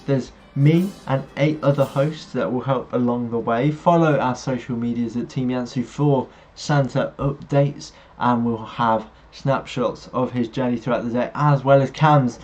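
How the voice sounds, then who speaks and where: A man's voice: mid-range voice, fairly even intonation, measured pace, few pauses, darkish tone. A man with a mid-range voice hosts a casual live stream, reading out viewer messages and chatting back to them. The audio is slightly dull, with faint music playing underneath. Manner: chatty, reads viewer messages aloud and replies. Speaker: livestream host. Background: faint background music.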